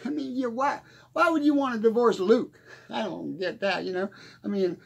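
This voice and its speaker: A man's voice: high-pitched, moderate pace, creaky, husky, heavily acted. A man playing a rambling small-town country singer, stammering and chuckling as he talks. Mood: rambling folksy. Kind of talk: comedic character monologue.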